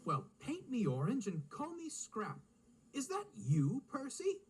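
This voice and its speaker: A man's voice: very high-pitched, huge pitch swings, measured pace, a little mellow, breathy edge, voice pushed up, full character voice. A man doing a grumbly, wry tank engine. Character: grumbling, good-humoured male tank engine. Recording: music playing underneath.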